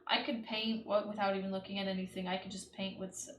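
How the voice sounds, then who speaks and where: A woman's voice: mid-range voice, level tone, fast talker, slight background noise. A young woman streaming while she paints, chatting loosely with lots of "like" and "you know.". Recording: echoey room with faint ambience.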